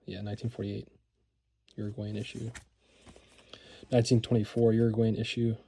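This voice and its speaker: A man with a slightly low, mellow, relaxed voice chats casually about his collection. He rambles with frequent fillers and restarts, and repeats words when he gets excited. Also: moderate pace, gravelly, slightly rough. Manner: rambling, filler-heavy, enthusiastic. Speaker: card collector vlogger. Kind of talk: casual show-and-tell narration.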